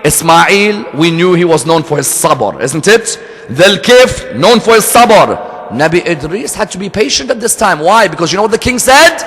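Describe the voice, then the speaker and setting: A man's voice: high voice, lively intonation, normal speed, a bit bright. A man preaching a sermon and telling a story, earnest and fond of rhetorical questions to his audience. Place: hall of a religious center. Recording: echoey hall.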